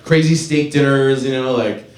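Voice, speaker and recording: A man in his thirties doing a stand-up comedy set on a club stage, talking in a loose, rambling, profane way and shouting his punchlines. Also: mid-range voice, normal speed. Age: 30s. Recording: roomy club with crowd laughter. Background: laughing audience.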